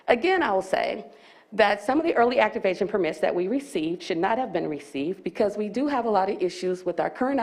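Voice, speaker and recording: At a public board meeting, a county staff woman with a medium-pitched voice presents the ordinance rules. She's slightly out of breath and reads legal text aloud, making small restarts.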